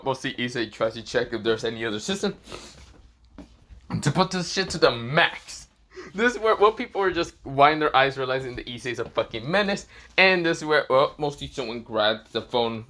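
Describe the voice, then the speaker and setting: A young man improvising a fan story aloud in a rambling, casual way, swearing freely and filling pauses with repeated stock phrases. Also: medium pitch, pushed and bright.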